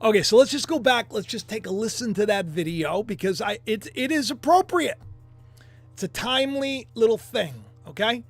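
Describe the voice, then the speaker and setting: A man's voice: high voice, lively intonation, normal speed, faint music behind. A man hosting his own online commentary show, rambling in a casual, jokey way and often repeating himself. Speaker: YouTube commentary host.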